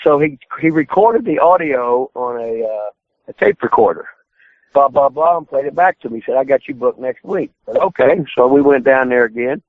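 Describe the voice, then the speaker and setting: A man's voice: medium pitch, lively intonation, moderate pace, dry recording. Foul-mouthed man on a tinny phone line. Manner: swears constantly, acts out his own quotes loudly. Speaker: retired pro wrestler guest. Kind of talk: profane storytelling on a phone-in podcast. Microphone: phone call.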